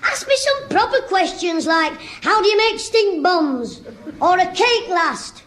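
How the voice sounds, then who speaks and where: A man's voice: very high-pitched, lively intonation, a little slow, a bit bright, heavily acted. A man playing a cheeky, wisecracking schoolboy with broad working-class grammar, in a 1960s radio comedy. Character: cheeky cocky schoolboy, snobbish, cocky with elders.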